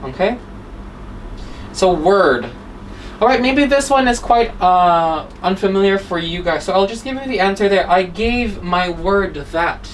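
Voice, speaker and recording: A woman's voice: medium pitch, expressive, a little slow, distant mic, slight background noise, rough recording. A woman teaching an English exam-prep class, explaining word forms and checking in with "right?" and "okay?" after nearly every point.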